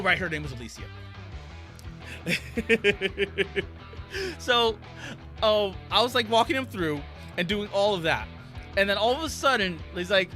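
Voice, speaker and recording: A man's voice: high-pitched, pushed and bright. A man casually telling a story while streaming a game, rambling with many fillers and laughs. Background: game music.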